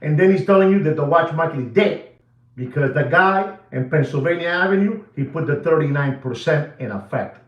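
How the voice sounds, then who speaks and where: A man's voice: a little high, lively intonation, moderate pace, muffled recording. A man hosting his own watch channel, ranting to viewers in an emphatic, repetitive way and addressing them directly. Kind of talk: animated ranting commentary. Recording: echoey room.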